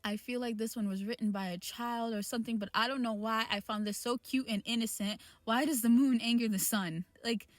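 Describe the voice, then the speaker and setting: Female reaction host, slightly high voice, exasperated casual commentary, dry booth sound. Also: steady tone, fairly quick, few pauses, dry recording. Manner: ranting, exasperated, restarts often.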